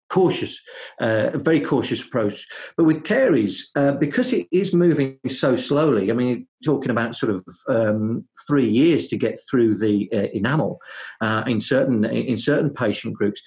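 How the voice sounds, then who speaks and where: A dentist appears as a guest on a podcast, thinking out loud about his ideas in a medium-pitched, slightly mellow voice. His speech is full of fillers, restarts, and hesitant pauses.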